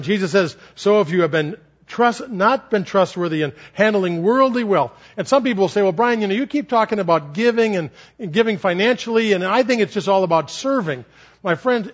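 A man preaching a sermon earnestly, stressing key phrases slowly. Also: high voice, lo-fi sound. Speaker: pastor.

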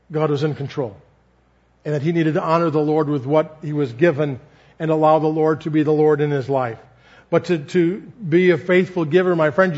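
A man's voice: fairly high pitch, highs cut off. A man preaching a sermon, telling a personal story and acting out the dialogue in earnest.

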